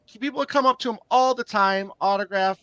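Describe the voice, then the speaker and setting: A man's voice: high-pitched, a little fast, bright, forceful tone, smooth, no echo, lo-fi sound. A man co-hosting a podcast, talking in an easygoing way and asking the guest questions. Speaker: podcast co-host. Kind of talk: casual podcast conversation.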